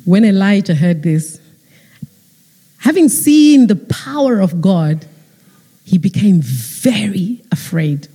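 A woman preaching a sermon, retelling a story in lively fashion and acting out the characters. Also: mid-range voice, slow, pauses often, slightly rough. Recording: long hall reverb.

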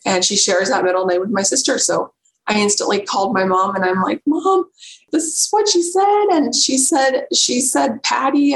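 A woman guest telling a personal story in an earnest, halting way, often restarting her sentences. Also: medium pitch, gravelly. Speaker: podcast guest. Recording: roomy echo, faint noise.

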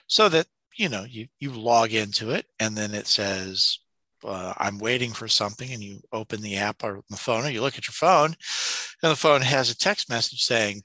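A man co-hosting a podcast in casual chat, telling animated stories and ranting with some profanity. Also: on the low side, no echo. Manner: animated storyteller, rants with profanity. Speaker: podcast co-host.

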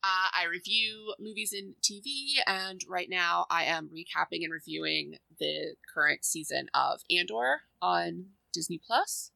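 A woman guest on a podcast chatting casually as a film critic, tired but animated and gushing. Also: on the low side, unhurried, gravelly, few pauses, dry recording. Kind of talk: casual chat.

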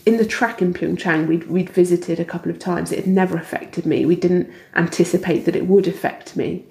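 A woman speaks as an interview guest, her voice low and gravelly. She talks candidly and haltingly, restarting phrases and laughing softly now and then. The recording has a noticeable room echo. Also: steady tone. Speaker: interview guest, Olympic athlete. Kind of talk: reflective conversational interview. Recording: echoey room.

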